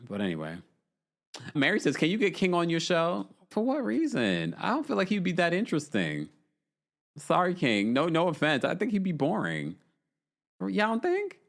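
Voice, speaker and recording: A man hosting a live stream, reading super chats and answering callers in a sassy, animated way with laughing asides. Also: mid-range voice. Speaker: host. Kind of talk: live-stream chat reading fan comments.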